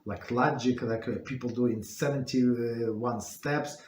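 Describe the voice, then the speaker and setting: Halting man teaching a Torah class. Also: medium pitch, fairly even intonation, a little mellow, roomy sound, a little hiss or hum. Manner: halting, many fillers and restarts. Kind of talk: casual spoken Torah class.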